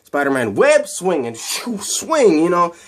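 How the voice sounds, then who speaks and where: A man's voice: high voice, wildly swooping pitch, a little slow. A man casually retelling a film scene by scene, rambling and repeating himself as he goes. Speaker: video host.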